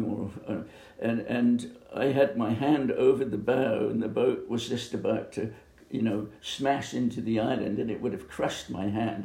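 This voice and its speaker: An older man from Bermuda recalling his youth in an oral history interview, speaking haltingly with many pauses and fillers. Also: mid-range voice, creaky, dark tone. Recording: echoey room.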